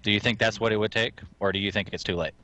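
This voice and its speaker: A man's voice: fairly low pitch, fairly even intonation, fast, pushed and bright, lo-fi sound. A man on a gaming podcast panel, asking long, searching questions. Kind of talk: casual gaming podcast chat.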